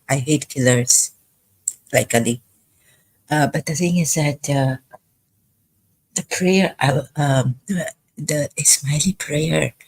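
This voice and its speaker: A woman talking in a rambling livestream monologue, hesitant and halting, pausing often. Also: deep voice, a little mellow. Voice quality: husky. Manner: halting, hesitant, full of pauses. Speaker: live streamer.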